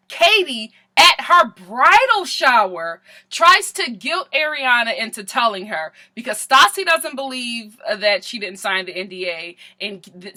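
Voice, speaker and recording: A woman's voice: on the high side, pushed and bright. A young woman giving a sassy, comedic recap of a reality show, laughing often and repeating her punchlines. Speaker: vlogger reviewing a reality show.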